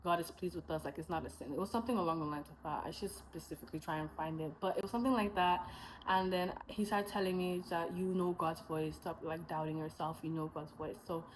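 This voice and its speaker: A young woman talks straight to her viewers in a casual testimony vlog. Her voice sits a little low, and she tells the story in a chatty, rambling way, with asides and quick self-corrections. She acts out the lines she and others said. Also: fairly even intonation, a little hiss or hum, low-quality recording. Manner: chatty storytelling, acting out her own past dialogue. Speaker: vlogger sharing her faith testimony.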